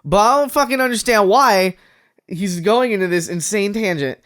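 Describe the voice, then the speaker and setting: A woman's voice: medium pitch, normal speed, fairly bright tone. A woman co-hosting a comedy podcast, reading posts aloud with laughter and swearing in casual chat. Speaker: podcast co-host.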